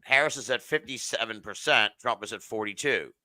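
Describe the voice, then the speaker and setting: A man's voice: medium pitch, brisk, pushed and bright, no room sound. A man hosting a live podcast, chatting casually about election results, swearing freely and reading chat comments aloud. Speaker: podcast host.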